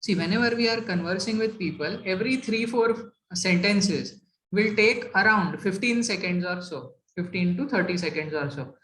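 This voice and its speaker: A woman's voice: medium pitch, moderate pace, fairly bright tone. Woman speaker, mid-range voice, emphatic talk style, echoey room. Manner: emphatic, addresses audience with rhetorical questions. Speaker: corporate etiquette speaker. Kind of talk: motivational talk. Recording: roomy hall echo.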